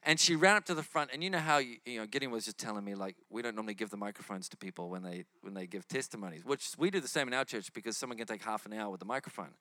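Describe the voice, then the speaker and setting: A man's voice: mid-range voice, dry recording. A man preaching, telling healing stories and acting out the people in them. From New Zealand. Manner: animated, acts out the people in his stories. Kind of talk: sermon storytelling.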